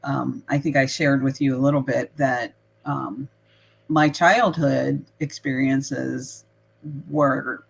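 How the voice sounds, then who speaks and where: An older woman, a guest in a casual live conversation, speaks in a calm, measured way with hesitant pauses. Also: extremely low pitch, vocal fry, slightly rough.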